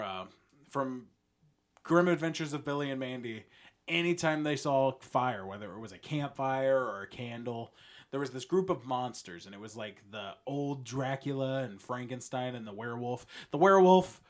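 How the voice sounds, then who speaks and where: Rambling, chuckling male podcast host. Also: medium pitch. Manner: rambling and jokey, chuckling often, swings from mumbling to loud. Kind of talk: casual solo podcast monologue.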